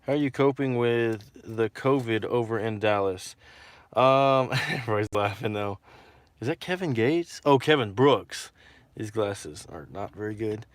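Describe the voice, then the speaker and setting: A man's voice: on the low side, a little slow, no room sound. A man from Texas hosting a casual livestream and reading out viewer comments, rambling and repeating himself with lots of fillers.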